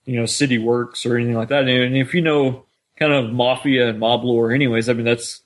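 A man co-hosting a fan podcast in a chatty, easygoing way. His voice is mid-pitched and ordinary. He talks through episode details in casual conversation. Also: steady tone. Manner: chatty, quick to laugh. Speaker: podcast co-host. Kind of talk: casual chat.

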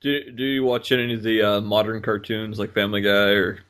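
A man's voice: on the low side, flat delivery, brisk, fairly bright tone, clear, resonant tone. A man co-hosting a podcast in casual chat, dropping laughing asides.

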